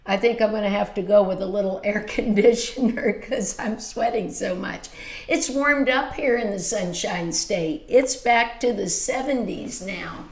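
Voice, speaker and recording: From a reverberant small home filming room, a woman in her fifties hosts a casual beauty livestream, going through viewer comments. Her mid-range voice is unhurried, and she comes across as warm and gushing, chatting away with plenty of exclamations.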